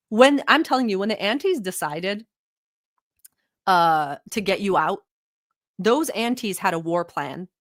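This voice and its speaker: A woman's voice: mid-range voice, animated, a little slow, pauses often, no room sound, studio quality. A woman from the Middle East hosting a casual reaction video, with blunt, profane commentary and frequent laughing asides. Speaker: reaction vlogger host.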